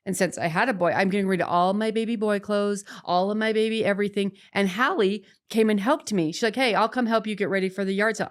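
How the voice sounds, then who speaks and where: A woman in her forties, a podcast guest, tells a personal story in a chatty, animated way, full of restarts and little "right?" checks. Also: medium pitch. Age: 40s.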